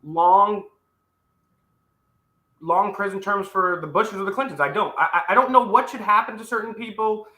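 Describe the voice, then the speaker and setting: A man's voice: sits high, moderate pace, pauses often, pushed and bright. A man hosting an interview, speaking hesitantly with many restarts. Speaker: host. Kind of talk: casual interview talk. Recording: echoey room.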